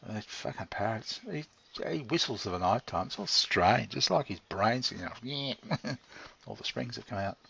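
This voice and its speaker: A man's voice: on the low side, animated, a little slow, creaky, sharp tone, slight background noise. A middle-aged man rambling casually to his pet, swearing freely and chuckling often. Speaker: channel host talking to his pet. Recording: dull lo-fi recording.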